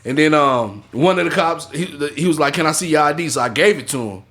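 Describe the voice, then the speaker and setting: A man telling a story in casual chat, animated, laughing and swearing freely. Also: a little high, fast. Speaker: podcast co-host.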